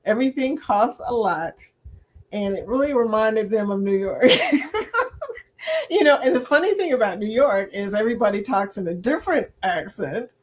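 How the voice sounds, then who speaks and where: A woman's voice: mid-range voice, moderate pace. A middle-aged woman hosting a casual livestream chat, reading viewer comments aloud and laughing often as she talks. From United States. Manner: laughs often, chatty and animated.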